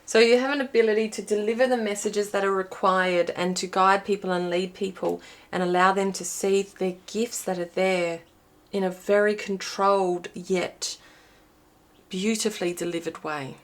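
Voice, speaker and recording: A woman's voice: medium pitch, fairly even intonation, normal speed. A woman giving a pick-a-card reading to viewers, chatty and thinking aloud as she pulls cards while filming herself. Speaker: intuitive card reader. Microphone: filming herself while watching a small screen.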